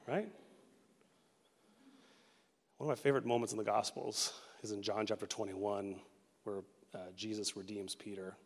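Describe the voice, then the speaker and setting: A man in his thirties preaching a sermon as pastor, casual and animated, slipping into quick acted quotes. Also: on the low side, husky. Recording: long reverb of a large hall.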